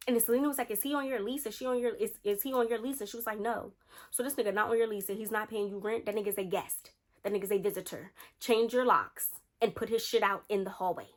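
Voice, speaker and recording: Speaking very fast in a fairly high voice, a young adult woman tells a casual storytime tale for her vlog. She animatedly performs the quoted lines of her friends and a boyfriend.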